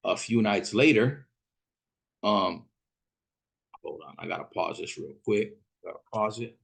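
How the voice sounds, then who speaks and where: A deep-voiced man from Fresno, California, tells a story in a casual, rambling way, heavy with street slang and cursing. His voice is low and gravelly, with a husky edge. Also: unhurried. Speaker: podcast host.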